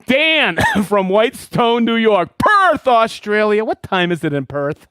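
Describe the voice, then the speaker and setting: A man hosting a live stream in a casual, excited way, calling out viewers by name and hometown. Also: high-pitched, unhurried, smooth, dry recording, studio quality. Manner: excited, animated, reading viewer shout-outs. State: worked up and dusty after a demo. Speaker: host of a live product show.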